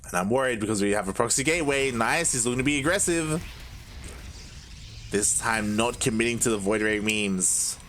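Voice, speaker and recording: A young man from Australia with a mixed Australian and Spanish-influenced accent, casting a game live on his own, excitable and quick to exclaim. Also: mid-range voice, a little hiss or hum. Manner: excitable, exclaims often and laughs at chat. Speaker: esports caster. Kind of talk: solo live game commentary.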